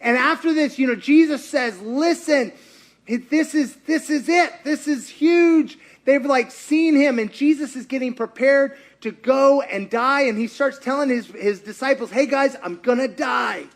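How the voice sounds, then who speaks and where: Male pastor, middle-aged, high voice, animated storytelling sermon that acts out the characters and questions the crowd. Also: unhurried. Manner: animated storyteller, acts out quotes, asks the audience.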